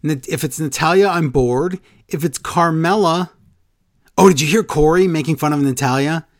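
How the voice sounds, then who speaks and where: A man's voice: a little high, normal speed, dry recording, studio quality. A man in casual chat, animatedly retelling events and quoting people in funny voices. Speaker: podcast co-host recapping wrestling.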